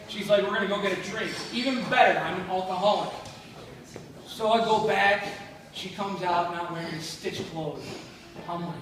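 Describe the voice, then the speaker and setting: A man's voice: sits high, moderate pace. A man from Buffalo, New York, with a Western New York accent, doing a stand-up comedy set full of blunt, self-deprecating, crude jokes. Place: comedy club stage. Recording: very echoey room from far off, faint noise.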